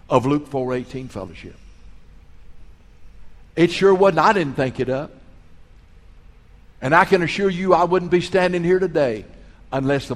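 A middle-aged man preaching a sermon as pastor, telling his story earnestly and swelling in volume on key phrases. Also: medium pitch. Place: large hall, school auditorium. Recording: long echo of a large hall.

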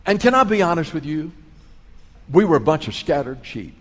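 A man's voice: on the high side, very animated, normal speed. A middle-aged man preaching a sermon as pastor, telling his story earnestly and swelling in volume on key phrases. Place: large hall, school auditorium. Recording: long echo of a large hall.

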